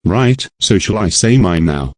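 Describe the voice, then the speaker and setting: Low synthetic tts guy chatting on a podcast, dry sound. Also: unhurried, dry recording. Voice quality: flat synthetic text-to-speech voice. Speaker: podcast co-host. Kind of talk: casual podcast chat.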